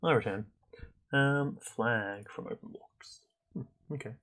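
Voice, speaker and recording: A young man streaming a game, chatting casually and thinking out loud with lots of fillers and restarts. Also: mid-range voice, takes it slowly. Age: young adult. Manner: rambling, chatty, thinks aloud with many fillers. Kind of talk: casual gameplay commentary.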